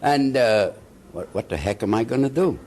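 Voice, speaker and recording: An older man, a veteran actor being interviewed, telling stories in an animated way, chuckling and acting out the people he quotes. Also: medium pitch, normal speed. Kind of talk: anecdotal storytelling.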